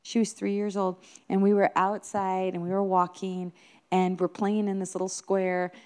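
A woman minister delivers a sermon with earnest emphasis. She stacks phrase upon phrase and presses each point home. Her pitch sits in a middle range. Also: flat delivery, normal speed, darkish tone, clean tone.

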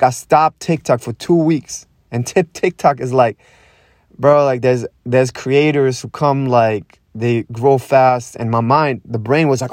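A young man hosting a podcast, talking in a raw, intense monologue that swears a lot, repeats itself and pauses to breathe. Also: mid-range voice, a little mellow, no room sound, clean studio sound. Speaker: podcast host.

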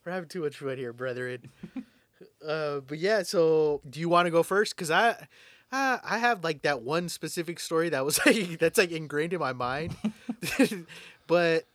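A man's voice: fairly high pitch, a little slow, fairly bright tone, no echo, studio quality. A young man co-hosting a casual podcast, profane and rowdy, a bit drunk and laughing often. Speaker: podcast co-host.

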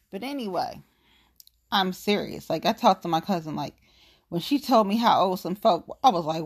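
A woman's voice: fairly low pitch, animated, normal speed, husky. A woman in her late thirties with an African American English accent, ranting about politics in a blunt, profane, fired-up way. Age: 30s. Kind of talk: casual political rant.

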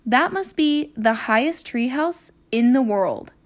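A woman voicing an imaginative, excitable seven-year-old girl in a children's story read-aloud, calling out eagerly. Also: high-pitched, slow. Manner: excited, shouting.

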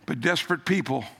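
Animated preacher man telling a story. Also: gravelly, a little hiss or hum. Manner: animated, emphatic, drops low for quoted lines. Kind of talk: sermon storytelling.

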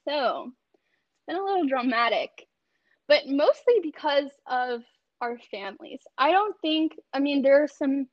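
A woman's voice: high-pitched, animated, a little slow, dry recording, dull audio. A young woman talking casually on a podcast over a video call, chatty with many fillers and frequent laughs. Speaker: podcast guest.

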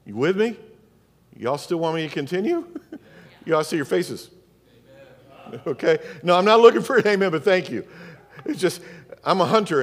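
A man's voice: a little high, fairly bright tone, big-room sound. A male pastor, preaching a sermon in a church in a conversational way, asking his listeners questions as he goes.

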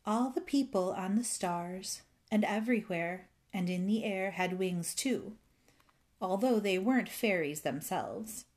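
A woman reads a children's fairy tale aloud, unhurried and gentle. She leans into the rhythm of repeated words and lets each phrase land slowly. Her pitch sits at an ordinary middle height. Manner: gentle, rhythmic, savoring repetitions. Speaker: storyteller.

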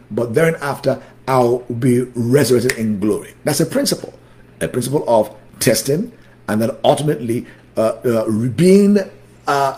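Lively, fervent male preacher. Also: mid-range voice. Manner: fervent, emphatic repetitions, swings between loud and soft. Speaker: pastor leading a Bible study. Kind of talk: sermon.

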